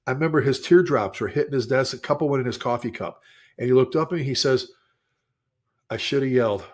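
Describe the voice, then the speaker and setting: A man's voice: mid-range voice, fast talker, darkish tone. A man co-hosting a fire service podcast, telling stories emphatically and repeating key phrases to drive them home. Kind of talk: conversational podcast talk.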